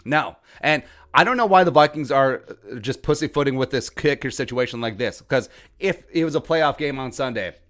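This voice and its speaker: A man's voice: mid-range voice, expressive, normal speed, fairly bright tone. A young adult man hosting a sports commentary podcast, ranting in a heated, sarcastic way. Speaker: podcast host.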